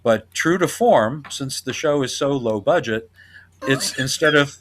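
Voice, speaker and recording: A man's voice: medium pitch, lively intonation, measured pace, fairly bright tone, slight background noise. A man hosting a podcast, chatting casually and laughing often as he retells scenes. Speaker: podcast host. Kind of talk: casual chat.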